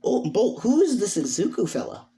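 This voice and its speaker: A woman's voice: mid-range voice, big pitch swings, moderate pace, dark tone, pitched above the performer's own voice, lightly acted. A woman voicing a curious, friendly teen girl who asks lots of questions.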